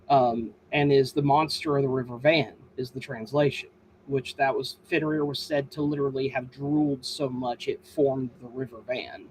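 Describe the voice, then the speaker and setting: A man who is an author and host, chatting casually and telling stories with lively, exaggerated mimicry. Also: slight background noise, poor audio. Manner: animated storyteller, mimics voices with high-pitched exaggeration. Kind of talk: casual podcast chat.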